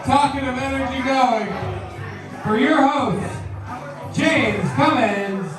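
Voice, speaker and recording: A man announcing the start of a live comedy show, shouting his drawn-out introduction of the hosts. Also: extremely high pitch, far from the mic. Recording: echoey room, voice from afar. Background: music and crowd.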